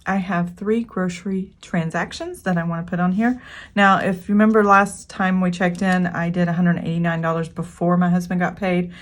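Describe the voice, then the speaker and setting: Chatty woman, lower voice, many fillers. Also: fairly even intonation, normal speed. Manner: rambling, with frequent "um" fillers. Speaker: budget planning channel host. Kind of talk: casual chatty vlog walkthrough.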